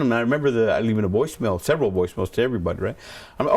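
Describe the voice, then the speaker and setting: Pastor guy rambling thru a story, lowish voice, keeps repeating himself. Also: animated, very fast, gravelly, a little mellow. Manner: rambling, repeats words, acts out quoted voices. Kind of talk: personal storytelling in an interview.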